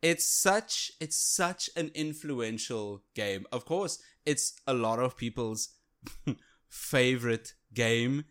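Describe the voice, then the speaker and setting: A man co-hosting a casual video game podcast, talking in an excitable, animated way. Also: medium pitch, takes it slowly, smooth. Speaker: podcast co-host. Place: home setup, virtual studio.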